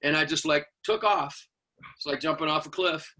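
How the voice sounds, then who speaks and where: A man's voice: fairly high pitch, normal speed. An older man from Houston, a drummer and guest, telling stories in an interview, acting out quotes and scatting drum beats. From Houston, Texas. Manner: animated storyteller acting out quotes and scat-singing drum beats. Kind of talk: storytelling interview.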